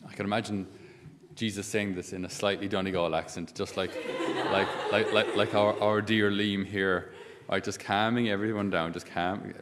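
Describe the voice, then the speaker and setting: Priest preaching in a reverberant church. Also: male voice, on the low side, moderate pace, noisy background. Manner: conversational, animated with many asides and rhetorical questions. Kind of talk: sermon.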